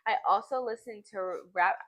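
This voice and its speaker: Bright-voiced teen girl, drawn-out words. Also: medium pitch. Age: teens. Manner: drawn-out Valley-girl way of speaking. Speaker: podcast co-host. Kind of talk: casual chat.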